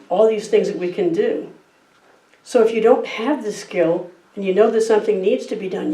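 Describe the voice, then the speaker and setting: Her voice sits on the low side with a dark tone as this middle-aged woman, a guest speaker, preaches a sermon and tells a personal anecdote in an easygoing, chatty style. The church sanctuary recording comes through a far-off mic with plenty of room echo.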